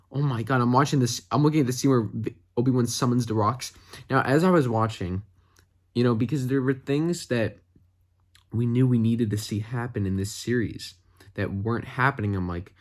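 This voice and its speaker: A man reviewing a TV episode in a casual vlog, excitable and rambling, with lots of "like" fillers. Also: mid-range voice, a little fast. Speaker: fan reviewer.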